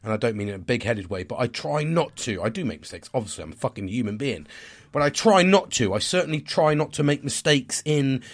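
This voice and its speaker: A man, talking in a casual, rambling vlog monologue. He swears constantly, sounds stressed and tired, and is hard on himself. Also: on the high side. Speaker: vlogger.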